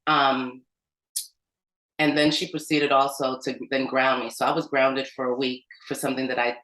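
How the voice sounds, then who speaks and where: Telling a personal story at an organizing meeting, a U.S. community organizer uses a bass, fairly bright voice with little pitch movement and a moderate pace. She speaks loosely and conversationally, leaning on "like" and "um," in a roomy, low-quality recording.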